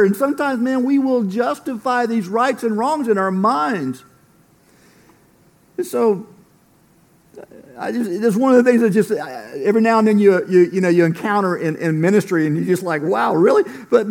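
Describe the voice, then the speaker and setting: Gravelly high-voiced man preaching. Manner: earnest storytelling, often says "man". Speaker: pastor. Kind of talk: sermon.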